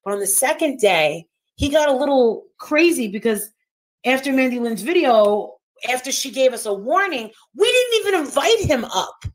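A high-voiced woman hosts a livestream and rants in a heated, combative way. She swears constantly, talks over others and hammers her points home by repeating them. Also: very animated, moderate pace. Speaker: livestream host.

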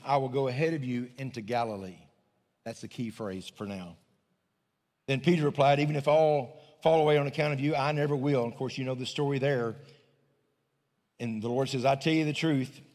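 A man preaches to his congregation in a relaxed, folksy style, stopping to restart a phrase now and then. His mid-range voice rings out in a church sanctuary with a long, hall-like reverb. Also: mid-range voice. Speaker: pastor. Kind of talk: sermon.

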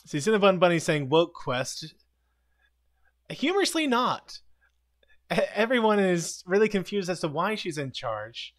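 A man hosting a casual live stream, retelling a TV episode scene by scene with quick quoted lines and frequent chuckles. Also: high voice, very animated. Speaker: live commentary host.

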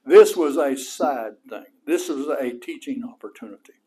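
Speaking at normal speed, a middle-aged man with West Texas roots preaches as a pastor, homey and lively, his voice rising high to underline key points.

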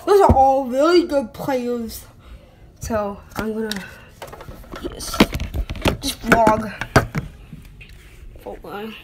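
A woman's voice: on the high side, steady tone, very slow, pauses often. A woman with a slight British accent, talking casually to the camera in her bedroom, rambling and apologizing often. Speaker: vlogger. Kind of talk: casual home vlog. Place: bedroom at home. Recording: noisy home recording.

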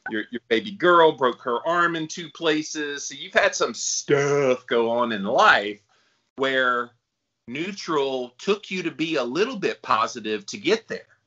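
A man's voice: medium pitch, expressive, a little slow, bright, forceful tone, muffled recording. A man co-hosting a podcast, talking in a conversational, reflective and upbeat way. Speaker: podcast co-host.

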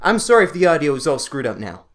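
A young man, giving excitable pack-opening commentary over a hockey video game. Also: fairly high pitch, fast. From Canada. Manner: excitable, yelps and laughs at pulls. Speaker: gaming video creator.

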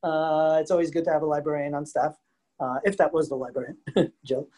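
A museum program presenter with a fairly high, dark voice speaks a little fast and fairly evenly over a video call. He gives a lively virtual history lesson for kids and families, laughing often and quizzing his audience.

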